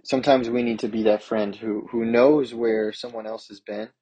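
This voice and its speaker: A man's voice: medium pitch, fairly even intonation, moderate pace, warm tone, slightly rough, rough recording. A man preaching a sermon, reading scripture aloud and then explaining it in an earnest, plain way. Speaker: pastor.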